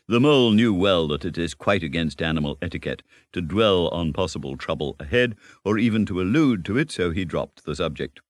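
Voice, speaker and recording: A man reading a storybook aloud in an expressive, measured narration. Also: low voice, no room sound. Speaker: audiobook reader.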